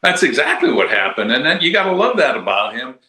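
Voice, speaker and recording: A man's voice: mid-range voice, sing-song, a little fast, pushed and bright. An older man and podcast co-host talking politics in a rambling, casual way with plenty of fillers. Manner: rambling, conversational, many fillers. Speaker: podcast co-host, former congressman. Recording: roomy echo.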